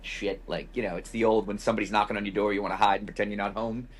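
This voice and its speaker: A man's voice: lowish voice, fairly even intonation, racing. A man hosting a podcast, telling a loose, profane travel anecdote in a casual, wry way with lots of quoted asides. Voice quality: husky. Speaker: podcast host. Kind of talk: casual storytelling.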